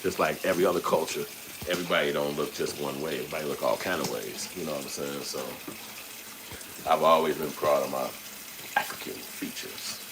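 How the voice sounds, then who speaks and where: A man's voice: rumbling low, fairly even intonation, fairly quick, noisy background. A middle-aged man hosting a casual live stream, talking loosely and profanely, laughing often as he reads chat. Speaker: channel host reading live chat.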